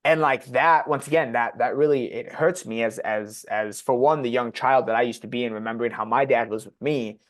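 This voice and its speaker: A man's voice: medium pitch, a little fast, hardly any pauses. Blunt, swearing young man telling his story. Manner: blunt and profane, heavy use of "like". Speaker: podcast guest sharing his story. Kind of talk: candid personal storytelling.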